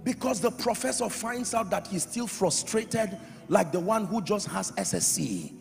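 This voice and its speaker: A man preaching a sermon as pastor, emphatic, swinging from loud shouts to quiet drops. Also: sits high, lively intonation, moderate pace, creaky. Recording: reverberant hall with faint music.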